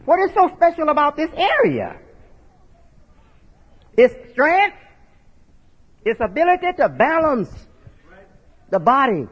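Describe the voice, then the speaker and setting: A man's voice: very high voice, huge pitch swings, slow pace, pauses often, a bit bright. A man teaching in a folksy sermon style, spelling out words and often checking in with his listeners. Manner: folksy, rhetorical asides ending with "right?". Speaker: preacher. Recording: dull lo-fi audio with long hall reverb.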